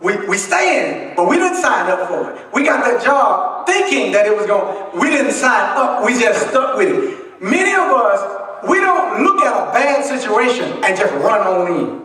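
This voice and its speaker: Pastor preaching in an echoey church. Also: male voice, high-pitched, big pitch swings, unhurried, pushed and bright. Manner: call-and-response preaching, asks the congregation to finish his lines; folksy, humorous, conversational delivery. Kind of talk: sermon. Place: church sanctuary. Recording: echoey church from a distant mic.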